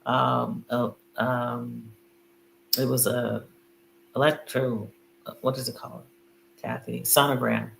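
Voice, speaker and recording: A middle-aged woman with a bass voice tells a story on a video call, speaking slowly and flatly with vocal fry and long pauses. It's a casual chat full of fillers and laughter, recorded in an echoey room with a faint hum.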